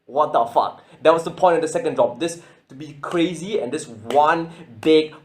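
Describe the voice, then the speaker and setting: A man casually explaining how he built his beatbox routine, excited, often stuttering and repeating words. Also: a little high, moderate pace. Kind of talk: casual spoken breakdown.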